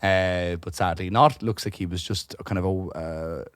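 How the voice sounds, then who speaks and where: Irish podcast co-host, young adult male, lowish register, casual and profane, tangents everywhere. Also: moderate pace, no echo, studio quality. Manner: animated, profane anecdote telling with many asides. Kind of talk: casual storytelling chat. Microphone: podcast studio microphone.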